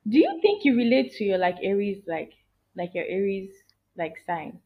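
A woman's voice: mid-range voice, big pitch swings, moderate pace. A woman guest in a casual podcast chat, talking emphatically and laughing often. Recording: tinny phone-like sound.

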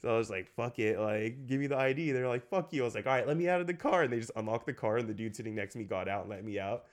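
Fast-talking lowish young man, casual chat. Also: steady tone. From Los Angeles. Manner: profane, rambling storytelling full of "like".

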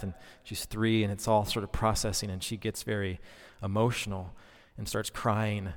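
A man's voice: fairly low pitch, flat delivery, moderate pace, few pauses. Pastor, male, thirties, earnest conversational sermon, voice ringing in a reverberant hall. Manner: earnest, conversational preaching with fillers.

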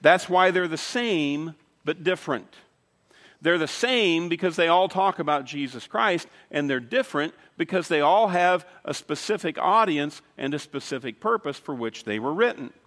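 Pastor preaching in an echoing sanctuary. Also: male voice, on the high side, fairly bright tone. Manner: storytelling, conversational with dramatic emphasis. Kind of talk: sermon. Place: church sanctuary. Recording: long reverb of a large hall.

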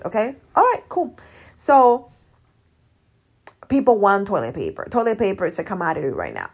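A woman coach talking casually on her podcast, emphatic and lively, repeating her key phrases for effect. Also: on the low side, husky. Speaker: business coach. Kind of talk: casual solo podcast talk.

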